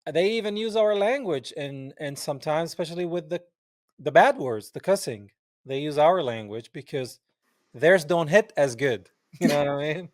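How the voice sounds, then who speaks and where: A man's voice: a little high, lively intonation, normal speed, dry recording, studio quality. A man from Palestine hosting a podcast interview, talking in an emphatic, impassioned way with rhetorical asides. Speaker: podcast host. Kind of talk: casual interview chat.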